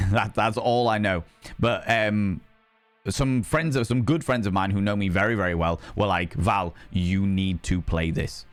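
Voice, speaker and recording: Yorkshire guy streaming, chatty and sweary, kinda low voice, bit of music behind. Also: moderate pace, no room sound. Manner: chatty, sweary, laughs often. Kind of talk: casual live-stream chat.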